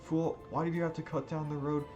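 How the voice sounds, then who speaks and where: A man's voice: on the high side, level tone, a little fast, darkish tone, dull audio, voice pushed up, close to an everyday voice. A man voicing a panicked, grieving young man with raised, pleading outbursts over background music. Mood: anguished. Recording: music playing underneath.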